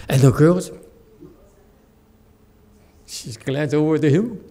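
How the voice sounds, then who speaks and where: A man giving a Buddhist Dharma talk as a Chan master, telling a story with lively acted-out quotes. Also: on the high side, extremely slow. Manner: animated storyteller who acts out quoted speech and laughs at his own jokes.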